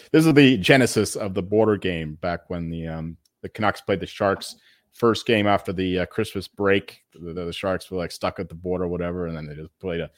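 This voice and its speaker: A man co-hosting a podcast, rambling casually about hockey bets with halting restarts and the odd swear. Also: sits low, no echo, studio quality. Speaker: podcast co-host. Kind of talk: casual sports betting chat.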